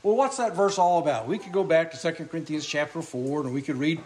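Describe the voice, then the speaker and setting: High-voiced preacher who keeps clearing his throat. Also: fast talker, a little mellow, a little hiss or hum. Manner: asks the congregation questions. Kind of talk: sermon.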